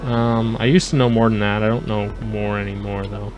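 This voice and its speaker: A man's voice: fairly low pitch, flat delivery, moderate pace, lo-fi sound, over music. Chatty man commentating a game. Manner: chatty, talks to live chat, jokey mock accents. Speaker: let's play host. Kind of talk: casual gameplay commentary.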